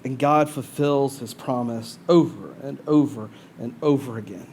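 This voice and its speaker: A pastor preaching a conversational sermon to a congregation, swinging between loud bursts and hushed asides. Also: male voice, mid-range voice, normal speed, a little hiss or hum. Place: church service before a congregation.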